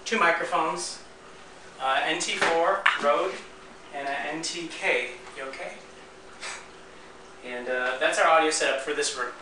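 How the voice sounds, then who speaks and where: A man hosting his podcast, casually walking through his recording and editing setup in a relaxed, rambling way with frequent restarts. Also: fairly high pitch, a little slow, pauses often, background noise. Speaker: podcast host and editor. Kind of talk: casual gear walkthrough.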